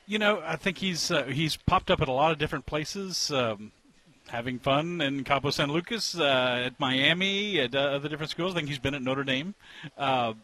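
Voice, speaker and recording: A man's voice: a little high, moderate pace, sharp tone. Man giving candid sports opinions. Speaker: sports columnist. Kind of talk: casual conversation as a guest.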